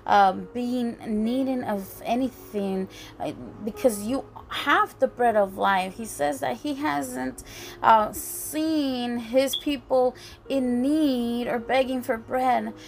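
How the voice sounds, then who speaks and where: A woman preaching a sermon in an earnest, halting way, often restarting her phrases. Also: fairly high pitch, creaky, slight background noise. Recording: faint music behind.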